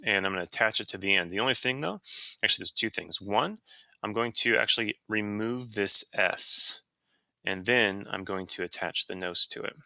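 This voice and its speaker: A man with a low voice and a very bright, sharp tone walks through a screen-recorded Spanish grammar lesson. He explains casually, with fillers and quick self-corrections. The sound is dry and close to the mic. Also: gravelly, no echo. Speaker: Spanish teacher.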